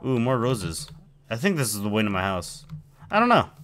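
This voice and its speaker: A man's voice: lowish voice, big pitch swings, normal speed, a bit bright, slight background noise. A man giving rambling, playful commentary while playing a video game and chatting to his in-game pet. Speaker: gameplay video host. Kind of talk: casual let's-play commentary.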